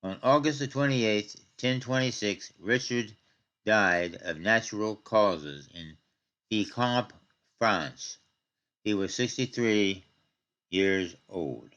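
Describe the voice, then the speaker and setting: Guy with a lowish voice doing measured history narration, kinda muffled lo-fi sound. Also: a bit bright. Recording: dull lo-fi audio.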